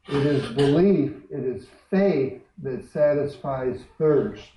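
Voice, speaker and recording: A male pastor gives an unhurried, conversational sermon. His voice sounds distant and dull, as if picked up far from the pulpit. The church room around him adds a clear echo. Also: on the high side, expressive, a little hiss or hum. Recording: echoey hall, distant dull mic.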